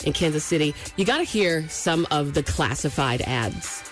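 A man's voice: fairly high pitch, animated, moderate pace. Man, talk show host, playful, joking storyteller, light music behind. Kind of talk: casual talk-show banter.

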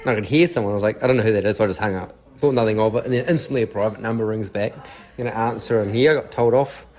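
A man's voice: on the low side, rapid-fire, darkish tone. A man, a dad telling a story on a radio show in a laid-back, chuckling way. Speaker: caller.

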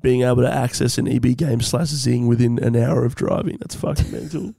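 A young Australian man co-hosting a podcast, telling stories with lively acted-out voices. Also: medium pitch, a little fast, gravelly, no room sound, studio quality. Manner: animated storytelling, acts out voices. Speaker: podcast co-host. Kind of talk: casual chat.

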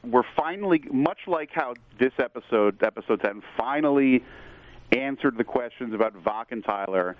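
A man hosting a casual TV discussion podcast, talking with rambling, excited enthusiasm. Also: mid-range voice, moderate pace, dry recording. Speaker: podcast host. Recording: tinny phone-like line, dry.

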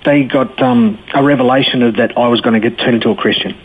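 A man's voice: mid-range voice, steady tone, fast. A man giving a candid personal testimony as an interview guest, telling his story in a blokey way with frequent restarts. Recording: tinny phone-like line with faint hiss.

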